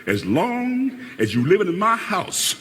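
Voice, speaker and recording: A gruff, stern father lecturing his son. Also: wildly swooping pitch, a little slow, in a large hall, full character voice. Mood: scolding. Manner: gruff, lecturing, swings from low growls to shouts. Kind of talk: film drama.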